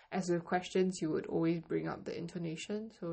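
A woman teaching a Mandarin lesson, slowly modeling greetings and phrases for learners to repeat. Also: lowish voice, fairly even intonation, gravelly, warm tone, breathy edge. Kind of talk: language lesson.

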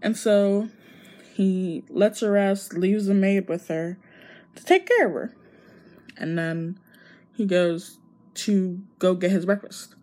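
A woman's voice: medium pitch, expressive, slow pace, long pauses, darkish tone. A young woman casually retelling a story, chatty with lots of fillers.

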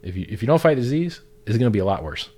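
A man's voice: medium pitch, expressive, racing, warm tone, breathy edge. A man ranting angrily on a livestream, profane and sarcastic, mocking other people's views in a raised mimicking voice.

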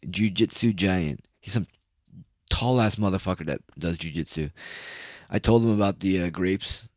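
Deep, mellow male host, dry close mic, rambling sarcastic rant with casual swearing. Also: moderate pace, no echo. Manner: profane, sarcastic, with trailing uhs. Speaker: solo podcast host.

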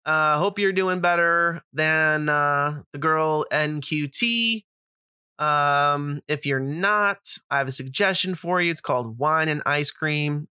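A man tells a rambling, profane story in a casual podcast monologue, full of fillers and asides. His voice sits a bit high and comes across bright and forceful. The sound is dry and close. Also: slow pace, clear, resonant tone, no echo. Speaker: podcast host.

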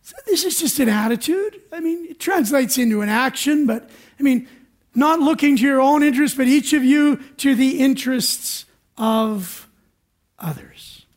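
A man with a very high voice gives a sermon in church. He tells a personal story in a chatty, self-mocking way and acts out his own panic. It is recorded for radio. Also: animated, moderate pace. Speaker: pastor.

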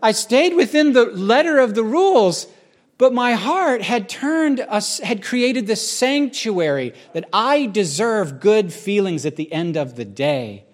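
Man, middle-aged pastor, sermon testimony, candid and conversational, slightly high voice, frequent restarts. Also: expressive, measured pace. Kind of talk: sermon-style personal testimony.

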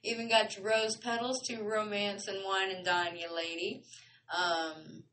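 A woman's voice: medium pitch, flat delivery, measured pace, sharp tone, far from the mic, slight background noise, rough recording. A woman hosting a podcast, chatting casually in a playful, slangy way. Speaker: podcast host. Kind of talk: casual chat.

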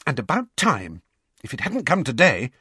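A man reading aloud voices a clever, bossy teenage schoolgirl who talks in a sharp, insistent way. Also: mid-range voice, wildly swooping pitch, moderate pace, breathy edge, dry recording, clean studio sound, pitched above the performer's own voice, exaggerated voice. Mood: urgent.

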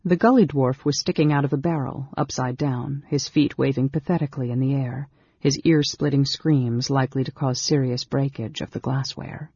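Gravelly-voiced male audiobook narrator. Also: medium pitch, steady tone, moderate pace, a little mellow, no echo. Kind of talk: scripted narration. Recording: dull lo-fi recording.

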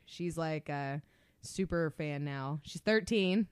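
A woman's voice: sits low, takes it slowly, smooth, no echo. Giggly young woman, dry close sound. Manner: giggly, laughs and snorts often. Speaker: podcast co-host. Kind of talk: casual chat.

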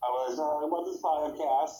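A man's voice: a little high, steady tone, fairly quick, dark tone, a little hiss or hum, rough recording. A man co-hosting a podcast, making dry, teasing remarks in casual chat. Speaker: podcast co-host.

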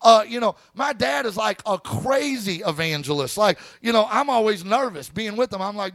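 A man preaching a sermon as pastor. His voice sits high and sounds dry and close, with no room echo. He tells stories in an easy, talky way and keeps calling out to his listeners. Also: a little fast, few pauses, fairly bright tone. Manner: conversational storytelling with preacher call-outs.

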